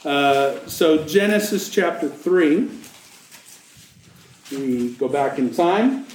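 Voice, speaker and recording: A man with a high, lifted voice preaches at an unhurried pace. He reads scripture and then breaks into light jokes and little acted-out scenes. His voice rings through an echoey church room. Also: animated, darkish tone. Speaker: pastor. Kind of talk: sermon.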